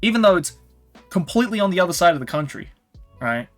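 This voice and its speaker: A man's voice: high voice, big pitch swings, quick pace, faint music behind. An Australian man chatting casually on a livestream, rambling with lots of "like" and "you know". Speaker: streamer. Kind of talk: casual chat.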